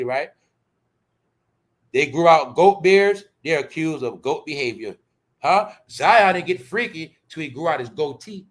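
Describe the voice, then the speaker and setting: A man rants in casual commentary. His voice sits high and sounds bright and edged, and he keeps circling back to the same mocking lines at full volume. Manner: loud, mocking, repetitive ranting with slang. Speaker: commentary channel host.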